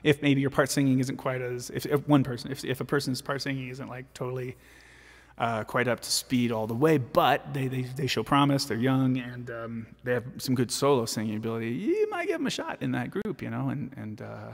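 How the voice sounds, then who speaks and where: A man's voice: medium pitch, expressive, brisk, vocal fry, big-room sound. A man, a vocal jazz arranger, chatting casually and self-deprecatingly with viewers while recording his own vocal parts.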